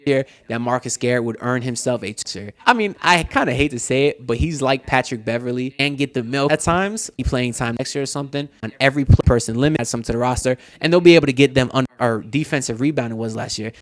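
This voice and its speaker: A man's voice: mid-range voice, quick pace, hardly any pauses, no room sound. Rambling, opinionated man giving sports takes. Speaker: host in an old clip. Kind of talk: casual sports commentary video.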